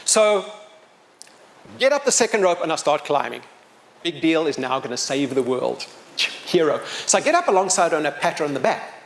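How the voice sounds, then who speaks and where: A middle-aged man with a somewhat high speaking voice tells a story to a live audience. He is animated and pokes fun at himself, and his loudness swings widely. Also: moderate pace, creaky, a little hiss or hum. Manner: animated, self-mocking humor, wide swings in loudness.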